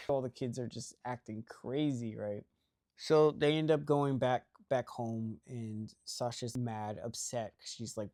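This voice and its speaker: A man's voice: mid-range voice, steady tone, a little slow, a little mellow. A young man casually recapping a movie plot, rambling and filling his talk with "like" and "right?". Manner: rambling, heavy use of "like" and "right?".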